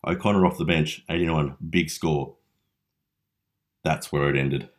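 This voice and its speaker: A man's voice: rumbling low, steady tone, measured pace. A young Australian man hosting a casual fantasy league recap, chatty and teasing with mock-dramatic flair. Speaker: fantasy league podcast host.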